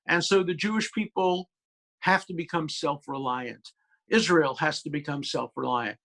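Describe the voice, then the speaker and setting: A man's voice: on the high side, a little slow, a bit bright. A male law professor speaking as a guest on a video call, emphatic and storytelling, with many hesitations.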